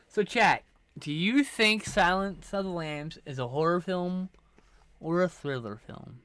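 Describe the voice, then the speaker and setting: Smooth-voiced sleepy man chatting to stream. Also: a little high, animated, a little slow, fairly bright tone, no echo. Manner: rambling, swears casually, addresses chat. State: sleepy, yawning. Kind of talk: casual live-stream chat.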